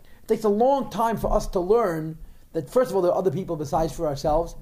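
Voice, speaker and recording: A man's voice: high voice, fairly quick, warm tone. A man teaching a religious text, explaining in a digressive way with frequent repeated words. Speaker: Torah teacher.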